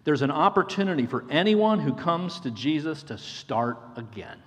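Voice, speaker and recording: A man's voice: on the high side, sing-song, moderate pace. A man preaching a sermon in an earnest way, often repeating a phrase for emphasis and calling his listeners friends. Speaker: pastor. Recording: long hall reverb.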